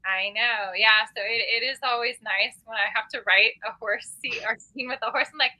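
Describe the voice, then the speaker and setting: A woman author chatting in an interview, talkative and quick to laugh, often restarting her sentences. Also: on the high side, steady tone, pushed and bright, low-quality recording. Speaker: author guest. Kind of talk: casual interview chat.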